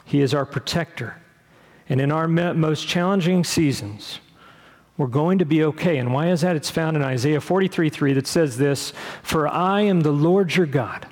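A middle-aged man preaching a sermon as pastor, earnest and unhurried, often pausing with fillers and restarting his sentences. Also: on the high side, long reverb tail.

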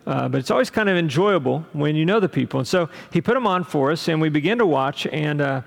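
A man's voice: on the high side, expressive, quick pace, gravelly, in a large hall. A man from Texas preaching a sermon as pastor, talking conversationally with asides and questions to the congregation.

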